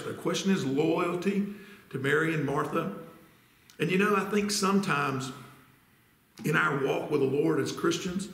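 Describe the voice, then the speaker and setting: Man, pastor, fairly high voice, earnest sermon, echoey sanctuary. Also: a bit bright. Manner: earnest, deliberate preaching with rhetorical questions. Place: church sanctuary.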